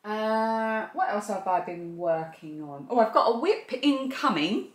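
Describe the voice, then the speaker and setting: An expressive, unhurried woman with a mid-range voice hosts a crochet and knitting vlog, chatting enthusiastically about her projects in casual show-and-tell fashion. It's recorded in an echoey room.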